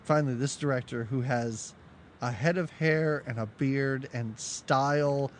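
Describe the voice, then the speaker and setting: A podcast co-host in a casual movie-review chat, talking in an animated, sarcastic way and laughing often. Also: medium pitch, measured pace.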